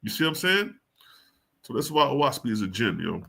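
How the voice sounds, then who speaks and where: A man's voice: mid-range voice, sing-song, normal speed, creaky, sharp tone. A man reading passages of scripture aloud and then explaining them in casual, slangy, emphatic talk. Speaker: scripture teacher.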